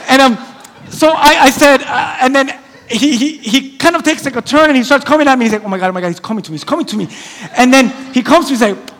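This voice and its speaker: Guy pastor with a high voice, animated storytelling sermon, long reverb like a big church hall. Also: slight background noise. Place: church sanctuary.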